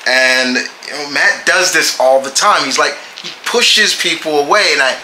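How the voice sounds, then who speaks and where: A man casually reviewing comic books, halting and often restarting his phrases. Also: fairly high pitch, bright, forceful tone, echoey room, slight background noise, low-quality recording.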